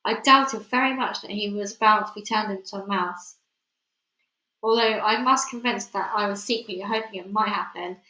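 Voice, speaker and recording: A woman reading a children's novel aloud with clear storytelling, then chatting hesitantly as she signs off. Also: medium pitch, normal speed, pushed and bright. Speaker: audiobook reader. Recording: roomy echoey room.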